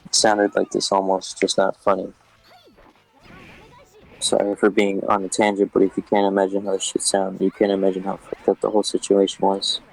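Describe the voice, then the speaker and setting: Gravelly flat-voiced man reading a scary story. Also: deep voice, a little fast, low-quality recording. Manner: casual, swears often, flat delivery.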